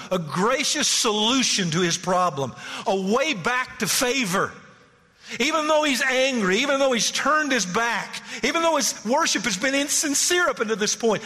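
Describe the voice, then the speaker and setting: A man preaching a sermon as pastor, pleading and emphatic, often repeating words as he presses a point. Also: very high-pitched. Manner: animated, pleading, emphatic repetitions. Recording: long church-hall reverb.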